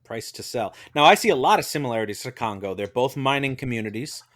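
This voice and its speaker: A man's voice: mid-range voice, lively intonation, quick pace, a bit bright. A man hosting a podcast, cracking jokes and passing the turn to each guest. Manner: joking, moves the talk along. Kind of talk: casual podcast chat.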